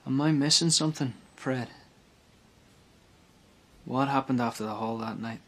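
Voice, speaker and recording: An actor playing a police detective who gives brisk orders and then questions an old colleague uneasily. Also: male voice, mid-range voice, a bit bright. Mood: troubled. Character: troubled detective hunting a killer.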